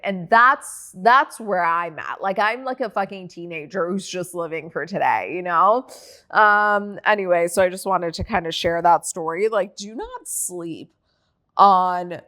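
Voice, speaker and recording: A young woman hosting her own podcast, telling a personal story in a candid, animated way with frequent swearing and filler likes. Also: lowish voice. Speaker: podcast host. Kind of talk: casual solo podcast chat.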